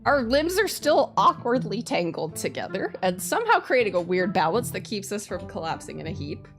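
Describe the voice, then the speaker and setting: A woman streamer reading a visual novel aloud and reacting with giggly, expressive commentary. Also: medium pitch, moderate pace, creaky, music in the background.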